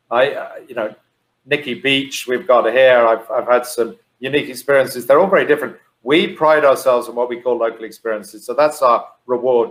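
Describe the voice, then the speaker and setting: Measured man talking hotels on a panel. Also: medium pitch, a bit bright, poor audio. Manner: measured, a little hesitant with fillers. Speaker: hotel alliance executive. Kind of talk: casual roundtable chat. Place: Dubai.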